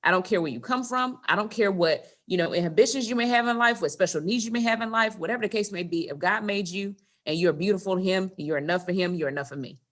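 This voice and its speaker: Woman, mid-range pitch, earnest host on a video call. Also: fast talker, hardly any pauses, fairly bright tone. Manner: earnest, repeats for emphasis. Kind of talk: casual chat.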